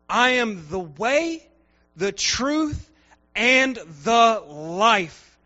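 On a muffled recording, a man with a very high voice preaches extremely slowly. His sermon includes a personal story told in an animated way, with him acting out the voices of the people in it.

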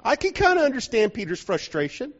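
High-voiced joking preacher. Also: male voice, huge pitch swings, fairly quick. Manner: conversational and joking, often checks the listeners are following. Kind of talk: sermon. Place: church hall. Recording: dull lo-fi recording.

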